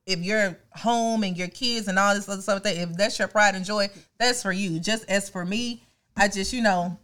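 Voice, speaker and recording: A woman's voice: medium pitch, normal speed, a bit bright. A young woman co-hosting a podcast, ranting in casual comedic chat and acting out scenes in exaggerated voices. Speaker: podcast co-host.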